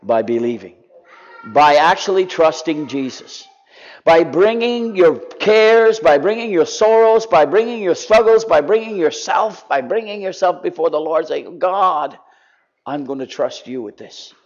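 A man preaching with fervent conviction, his voice rising in urgency and then falling to a near-hushed plea. His voice sits a little high for a man. The recording sounds dull and lo-fi. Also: expressive, unhurried. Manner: impassioned, drops to soft pleading. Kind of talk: sermon.

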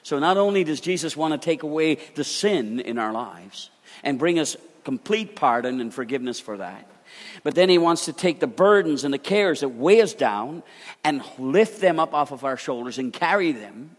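A man's voice: fairly high pitch, animated. Preacher man in a reverberant hall. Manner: emphatic, swings between soft drawn-out lines and loud ones. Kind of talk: sermon.

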